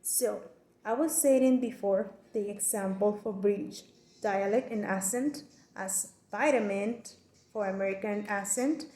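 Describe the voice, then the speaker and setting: A woman gives a class presentation, slow and deliberate, restarting her phrases as she works through the explanation. Her voice is mellow, and the sound rings in an echoey room. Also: medium pitch. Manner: careful, deliberate explanation with frequent restarts and non-native phrasing. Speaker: student giving a class presentation.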